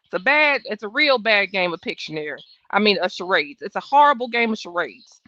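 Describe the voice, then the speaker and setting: A woman's voice: medium pitch, big pitch swings, brisk, few pauses, bright, forceful tone, dry recording. Blunt, sassy woman streaming trial commentary. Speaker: livestream trial-watch host. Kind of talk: casual live commentary. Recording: dull, dry home stream audio.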